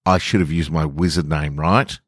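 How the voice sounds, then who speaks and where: A man's voice: a bass voice, fairly even intonation, moderate pace, no echo, clean studio sound. A man voicing a nervous, chatty young male apprentice wizard who rambles and apologizes. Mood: eager rambling.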